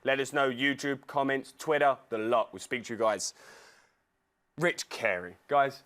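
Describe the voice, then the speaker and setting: Male co-host, excitable and rambling; mid-pitched, chatty fan-show delivery. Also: measured pace. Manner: excitable, rambling, laughs often. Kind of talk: casual fan-show chat.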